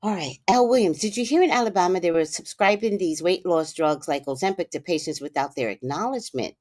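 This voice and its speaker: A woman hosting a livestream, telling a story in a casual, animated way, with hushed asides and loud, profane outbursts. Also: lowish voice, brisk, no echo, clean studio sound. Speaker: livestream host.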